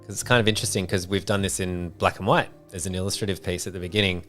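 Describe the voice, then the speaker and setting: A man's voice: low-pitched, fairly even intonation, fast talker, a bit bright, faint music behind. A man hosting a design livestream, telling rambling stories with lots of fillers in casual chat. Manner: rambling storyteller, many fillers. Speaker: livestream host.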